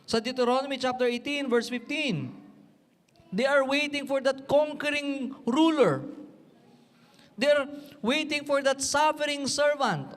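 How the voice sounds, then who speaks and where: A man's voice: extremely high pitch, big-room sound. A man with a Filipino accent preaching an emphatic sermon in a church, mixing English and Tagalog. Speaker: pastor.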